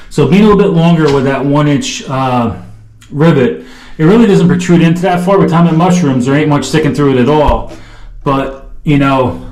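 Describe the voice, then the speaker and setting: Middle-aged male DIY host, casual and rambling, plain mid-pitched voice, lots of fillers. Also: a little mellow. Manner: folksy, rambling, lots of "you know" and "uh". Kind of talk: casual how-to walkthrough.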